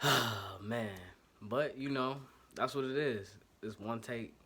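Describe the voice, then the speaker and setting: A man's voice: medium pitch, takes it slowly, bright, forceful tone, slight background noise. A man from Ohio with an Ohio accent, hosting casual one-take fan commentary in a loose, slangy way. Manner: loose, slangy, self-correcting and apologetic about technical trouble. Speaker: sports podcast host. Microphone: home setup, single take.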